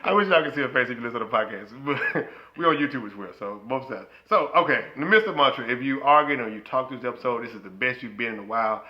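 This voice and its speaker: A man co-hosting a marriage podcast, talking in a playful, preachy way with bursts of loud excited laughter. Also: mid-range voice, quick pace, few pauses, dull audio. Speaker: podcast co-host. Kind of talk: casual chat.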